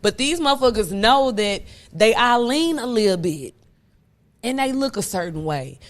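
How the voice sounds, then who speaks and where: Animated, profane young woman podcaster. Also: on the high side, moderate pace. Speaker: podcast host. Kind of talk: casual chat.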